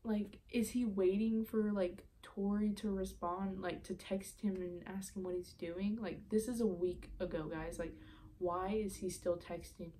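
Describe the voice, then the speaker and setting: A woman's voice: medium pitch, fairly even intonation, measured pace, mellow, slight background noise. A young woman telling a story in a casual vlog, chatty and exasperated, full of "like.". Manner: chatty, exasperated, heavy use of "like". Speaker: vlogger.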